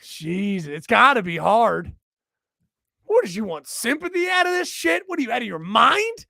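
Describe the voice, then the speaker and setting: A man with a high, gravelly voice trades profane jabs with his co-host in casual podcast chatter. He scolds and mocks in turn. The mic is close and the sound is dry, with no room echo. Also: sing-song, normal speed, pushed and bright. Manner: teasing, profane, mock-scolding.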